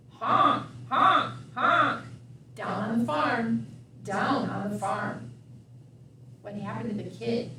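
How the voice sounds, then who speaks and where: A woman's voice: on the high side, distant mic, slight background noise. A woman librarian reading a picture book aloud at storytime, chanting the refrains, making animal sounds and asking the children questions. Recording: echoey room, voice from off mic.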